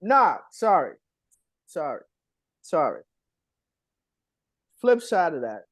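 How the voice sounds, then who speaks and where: Man, casual chat, animated, mimics voices, fairly high, dry. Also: takes it slowly, no room sound. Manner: animated storyteller, imitates voices, laughs often. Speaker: podcast co-host.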